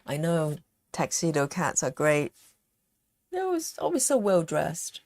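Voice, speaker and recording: A woman's voice: deep voice, very animated, measured pace, darkish tone. A woman chatting casually on a live stream as she stitches, giggling often and reading out viewer comments.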